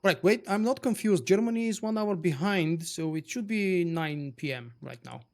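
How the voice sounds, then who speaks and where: A man with a slightly high voice chats casually while he plays a game live. He greets viewers by name and answers their messages easily. He speaks English as a second language. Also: normal speed. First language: not English. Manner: chatty, answers viewers by name, with small fillers. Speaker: livestream gamer reading chat. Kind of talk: casual live-stream chat over gameplay.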